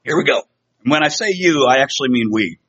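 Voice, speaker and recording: Husky-voiced man preaching casually. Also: medium pitch, animated, fast, fairly bright tone. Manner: conversational, self-deprecating, with many fillers and restarts. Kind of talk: sermon. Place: church sanctuary. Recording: slightly dull lo-fi sound.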